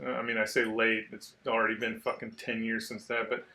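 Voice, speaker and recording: A man telling war stories in a casual, profane chat, animated as he acts out the people in them. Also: lowish voice, a little fast. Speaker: podcast host, Marine veteran.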